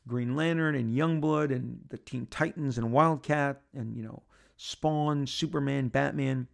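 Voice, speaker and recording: A podcast host tells a story in a gravelly voice of middle pitch, rambling through restarts and asides. When he acts out what someone said, his voice shoots up high with excitement. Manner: excitable, acting out quotes with big jumps up in pitch. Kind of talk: casual storytelling.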